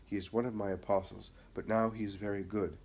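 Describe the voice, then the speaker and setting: A man reading the part of a calm, gentle teacher speaking patiently to a child. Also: fairly low pitch, brisk.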